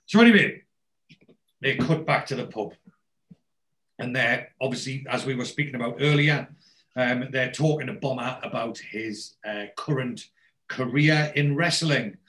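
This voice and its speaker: A man retells an episode of a TV show in relaxed conversation, shifting up into louder, higher-pitched voices for the characters he quotes. His delivery runs a little slow.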